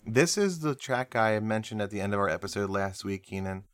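A man's voice: fairly low pitch, lively intonation, brisk. A man co-hosting a music podcast, chatting casually with a nasal voice, rambling and laughing easily. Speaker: podcast co-host.

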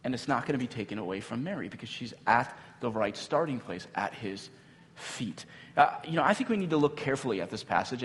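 A man's voice: medium pitch, a bit bright. A male pastor giving a sermon in a casual, conversational way, with filler words and light laughs. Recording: long hall reverb.

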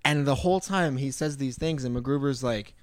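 A man's voice: medium pitch, a little fast, dry recording. A man co-hosting a casual movie podcast, eagerly retelling scenes and acting out the quotes. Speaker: podcast co-host.

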